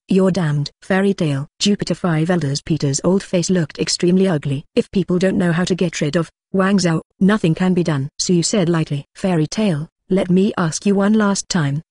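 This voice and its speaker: A synthetic narrator voice reading an audiobook in an even manner, speaking punctuation marks aloud as words. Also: medium pitch, no echo, studio quality. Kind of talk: machine-read scripted narration.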